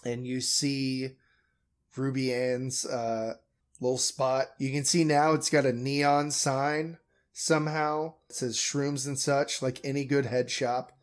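A man narrating a tabletop game as game master, halting and full of fillers. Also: medium pitch, flat delivery.

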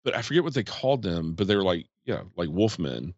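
Man, very low voice, rambling casual podcast talk, muffled dry lo-fi sound. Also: very animated, brisk, darkish tone, breathy edge, no echo. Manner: rambling, hesitant with fillers. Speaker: podcast host. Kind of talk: casual chat.

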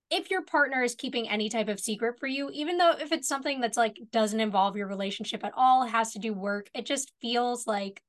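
A woman's voice: fairly high pitch, brisk, few pauses, fairly bright tone. A woman co-hosting a podcast, sharing thoughtful opinions in casual discussion of a TV episode. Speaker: podcast co-host.

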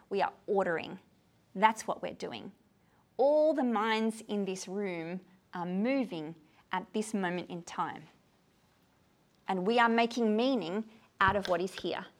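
A tired woman with a slightly high voice lectures a group on a poem. She talks in an animated way and keeps asking her listeners if they see what she means. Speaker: lecturer on poetry. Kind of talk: talk to a group. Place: room with a gathered group.

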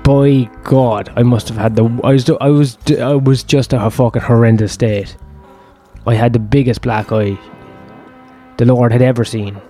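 A man's voice: mid-range voice, steady tone, moderate pace, mellow, faint music behind. A man, telling a long personal story in a rambling, profane, self-deprecating way. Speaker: host.

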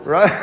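A man's voice: high-pitched, background noise. A man preaching a sermon as pastor, folksy and joking, with slang and playful asides to his congregation.

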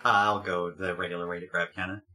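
A man's voice: sits low, level tone, fairly quick, bright, forceful tone. A man speaking casually as a player in a tabletop game, matter-of-fact.

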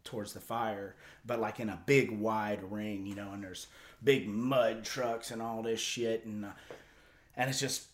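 A man's voice: fairly low pitch, steady tone, a little slow. A man casually telling a long story as a podcast host, rambling and profane, with lots of filler words.

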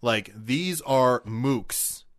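A man's voice: medium pitch, animated, very slow. A man co-hosting a casual movie review podcast, joking and riffing in mock voices. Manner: jokey, riffs in mock voices. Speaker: podcast co-host.

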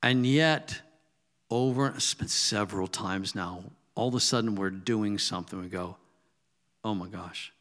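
A man's voice: on the low side, moderate pace, a bit bright. A male pastor preaching conversationally, telling stories and acting out quoted asides. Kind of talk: sermon.

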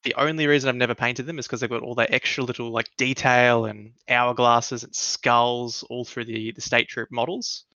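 A man in a casual podcast chat, relaxed and laid-back. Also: mid-range voice, moderate pace, few pauses, no echo. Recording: dull dry lo-fi sound.

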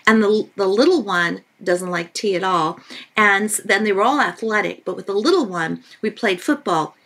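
A woman author who is a guest on a parenting podcast, telling lively stories and repeating points for emphasis. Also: mid-range voice, moderate pace. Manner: animated storytelling with emphatic repetition. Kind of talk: podcast interview.

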